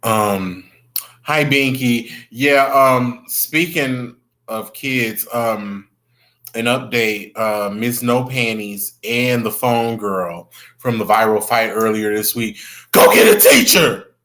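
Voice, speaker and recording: A man's voice: medium pitch, steady tone, slow, sharp tone. A young man hosting a casual livestream, chatting with viewers, greeting them by name and gossiping about the news. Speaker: livestream host.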